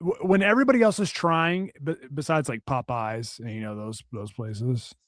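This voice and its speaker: A man's voice: on the high side, big pitch swings, fairly quick, fairly bright tone, no room sound. Male podcast co-host, casual ranter, curses freely, dry studio sound. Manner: profane, ranting, rambling with restarts.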